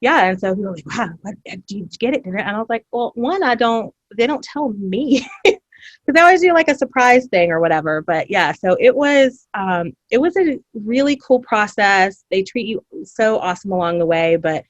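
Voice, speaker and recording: A woman's voice: mid-range voice, animated, normal speed, no room sound, muffled recording. A woman with a Southern US accent, chatting upbeat as a guest on an interview, laughing often. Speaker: school counselor, podcast guest. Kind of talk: casual interview chat.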